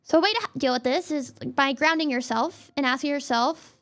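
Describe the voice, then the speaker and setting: A woman's voice: brisk, fairly bright tone. A young woman streamer giving a casual, rambling talk about cognitive distortions, full of fillers and restarts. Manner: reads chat and thanks viewers in a high squeal. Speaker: VTuber streamer.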